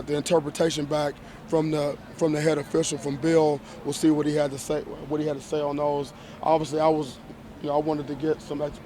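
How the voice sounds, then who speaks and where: A man answering reporters as a college football head coach after a game, measured and emphatic, often restarting and repeating phrases. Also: on the high side, a little mellow. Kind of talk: post-game press conference.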